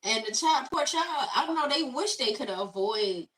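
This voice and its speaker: A woman's voice: high-pitched, expressive, normal speed, a bit bright. A mother and podcast co-host chatting casually in a rambling way, saying "you know what I mean" again and again. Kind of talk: casual chat. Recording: distant mic.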